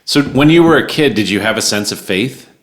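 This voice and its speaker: A man's voice: fairly low pitch, expressive, brisk. A man hosting an interview, asking curious, probing questions with a light joking touch. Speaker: podcast host. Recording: roomy echo.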